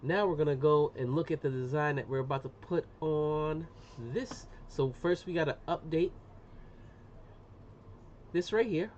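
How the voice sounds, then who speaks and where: A middle-aged man with a slightly high voice, talking loosely and full of slang as he walks his live viewers through a job. The sound is muffled and lo-fi, with a faint hiss of room noise behind him. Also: measured pace, a little mellow. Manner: chatty, slangy, says "boom" often. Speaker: livestreamer doing laser engraving. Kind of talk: casual live-stream demonstration.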